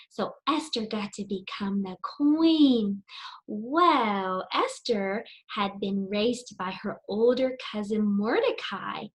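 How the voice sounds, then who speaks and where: A woman's voice: mid-range voice, lively intonation, slow pace. A middle-aged woman teaching preschool children, telling a story and leading circle time in a sing-song, encouraging way, asking them lots of questions.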